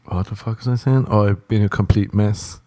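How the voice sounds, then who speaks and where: A comedian tells a rambling story in casual conversation, swearing freely and laughing at his own tale. His voice is a little low, warm and relaxed, and a little fast. The recording is close and dry.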